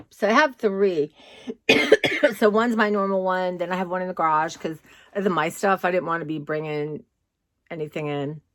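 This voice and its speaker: A woman's voice: fairly low pitch, fairly even intonation, moderate pace, fairly bright tone, no room sound. A woman vlogging casually from her home, chatty and rambling, often saying "y'all". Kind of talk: casual chat. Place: home, indoors.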